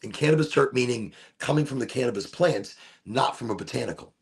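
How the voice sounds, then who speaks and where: A man hosting a casual smoke session, chatting in a rambling, relaxed way and often repeating himself. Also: medium pitch, a little fast, vocal fry, slightly rough. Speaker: host of a cannabis smoke session. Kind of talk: casual chat.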